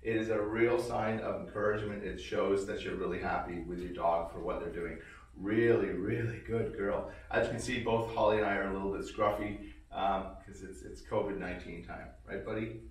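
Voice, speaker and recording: A man teaching his dog commands, explaining calmly between short cues and breaking into high, excited praise. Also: moderate pace, distant mic. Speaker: dog trainer. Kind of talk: casual training demonstration. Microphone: robotic tracking camera. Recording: echoey room, voice from away from the mic.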